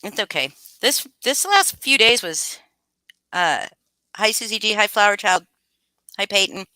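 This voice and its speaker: Bright, crisp-voiced woman chatting casually. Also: mid-range voice, animated, unhurried, no room sound. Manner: greets chat names, swears freely. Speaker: livestream host. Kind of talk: casual livestream chat.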